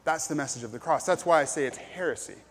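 A man's voice: a little high, fast talker, big-room sound. A man preaching a sermon as pastor, earnest and plain-spoken, with frequent ums and restarts.

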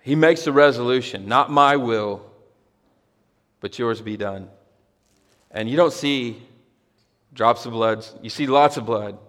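A man preaching a sermon in a mid-pitched voice, with a long hall reverb trailing each phrase. He talks in a loose, conversational way, then builds to emphatic, repeated cries. Only his voice is heard. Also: slow pace, pauses often, a bit bright. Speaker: pastor. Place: church hall with a congregation.

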